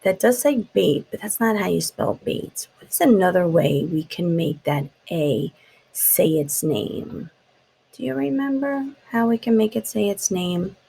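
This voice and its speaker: A woman teaching a phonics lesson to young children, slowly sounding out letters and tapping out words. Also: lowish voice, expressive, gravelly, dark tone, slightly rough, low-quality recording.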